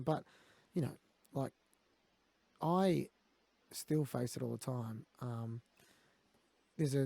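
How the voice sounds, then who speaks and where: An Australian man talking quickly and bluntly, swearing now and then as he tells stories from his own life. His voice is gravelly and mellow. It is recorded close and dry, with no room sound. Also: medium pitch, dry recording. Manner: blunt, swears, quotes others. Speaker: guest. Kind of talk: candid conversational storytelling.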